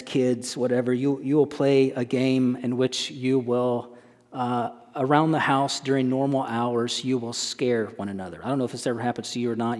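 A man's voice: medium pitch, darkish tone. A male pastor preaching a sermon, emphatic, often putting rhetorical questions to his congregation. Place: church sanctuary. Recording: long church hall reverb.

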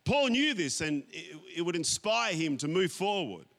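High-voiced preacher. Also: male voice, very animated, a bit bright. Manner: emphatic, drawn-out phrases, calls to the congregation. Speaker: pastor. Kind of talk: sermon. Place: church sanctuary.

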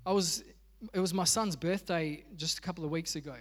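A man's voice: fairly high pitch, fairly even intonation, fairly quick, long reverb tail. A man preaching a sermon in a conversational way, acting out little dialogues. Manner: conversational, acts out quoted dialogue. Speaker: pastor.

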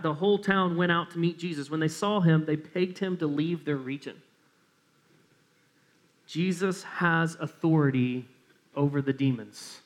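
Man preaching, high voice, earnest, emphatic repetition, sermon. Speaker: pastor.

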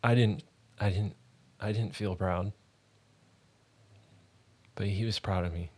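Earnest low-voiced man sharing testimony. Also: steady tone. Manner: earnest, halting, conversational storytelling. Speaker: ministry podcast host. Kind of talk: personal faith testimony.

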